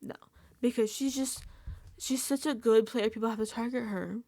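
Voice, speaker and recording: A woman's voice: on the high side, fairly even intonation, normal speed, mellow, no echo. A woman vlogger giving a casual reality TV recap, laughing often and dropping into whispered asides. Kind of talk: casual recap and reaction commentary.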